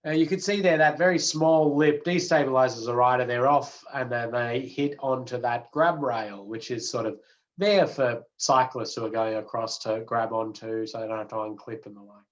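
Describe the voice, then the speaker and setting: A man teaching a road safety course online, in a relaxed, chatty way with many fillers and restarts. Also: medium pitch, normal speed, dull audio.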